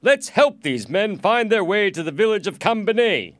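A man's voice: high voice, sing-song, moderate pace, fairly bright tone, dry recording, studio quality, pitched above the performer's own voice. A man voicing a rich, cruel, scheming lord in a storybook reading, haughty and commanding.

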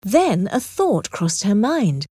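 A woman narrating an audiobook with a clear, expressive reading on a close mic. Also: mid-range voice, slow, dry recording.

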